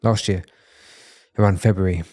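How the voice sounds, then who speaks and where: A man with a lowish voice speaks as a guest on a podcast in a room. His tone is earnest and reassuring, reflective as he chats casually. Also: steady tone, moderate pace, dark tone. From London, England. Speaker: masculinity coach, podcast guest.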